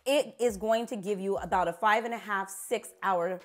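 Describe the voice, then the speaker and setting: A woman's voice: mid-range voice, moderate pace, faint music behind. A woman vlogger chatting casually to camera, sassy and playful, laughing at herself as she talks. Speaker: beauty vlogger.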